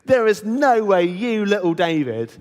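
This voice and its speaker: A man's voice: high-pitched, sing-song, a little slow, a little mellow, big-room sound. A man voicing a doubtful, dismissive king in an incredulous tone while telling a children's Bible story. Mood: scoffing.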